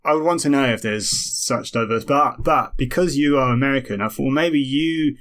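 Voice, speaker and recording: A man's voice: medium pitch, normal speed, a bit bright. A British man, a comedian co-hosting a podcast, thinking aloud in a casual chat with many fillers. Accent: British English. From Britain.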